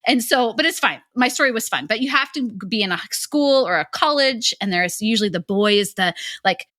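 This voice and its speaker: A woman's voice: a little high, lively intonation, fairly quick, a bit bright, no room sound, clean studio sound. A woman in her forties, a guest author on a podcast, chatting energetically with frequent laughs and lots of "like". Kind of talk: casual podcast chat.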